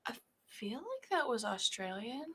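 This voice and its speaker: A woman's voice: fairly high pitch, big pitch swings, a little slow, a bit bright, breathy edge. An American woman co-hosting a casual whiskey tasting livestream, candid and playfully self-deprecating. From United States. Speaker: whiskey show co-host.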